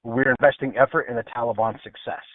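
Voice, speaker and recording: A man's voice: mid-range voice, fairly even intonation, fast, dry recording. A man with a military background, speaking as a radio talk show guest in an emphatic way and repeating words for stress. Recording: phone line.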